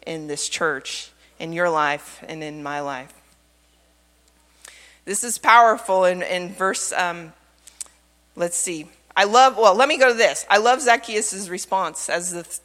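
Woman, pastor, expressive sermon, rhetorical questions, bright voice, long church reverb. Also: on the low side. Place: church sanctuary.

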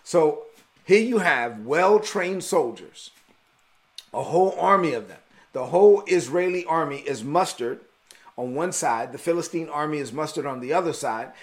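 A man from Brooklyn preaching a devotional sermon in an emphatic, animated way, repeating his key points. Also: fairly high pitch, moderate pace. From Brooklyn, New York.

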